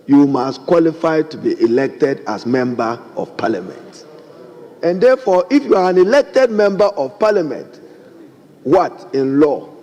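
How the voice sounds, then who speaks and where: A man's voice: a little high, dark tone. Emphatic Ghanaian man addressing parliament. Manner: emphatic, formal, keeps addressing the Speaker. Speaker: member of parliament. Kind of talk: parliamentary debate speech. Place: large parliament chamber. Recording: long chamber reverb, faint background noise.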